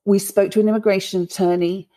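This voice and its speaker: A woman's voice: medium pitch, flat delivery, fast, warm tone. A woman from the United Kingdom, chatting enthusiastically as an interview guest. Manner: upbeat and enthusiastic. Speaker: guest, bookkeeping business owner. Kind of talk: casual interview chat.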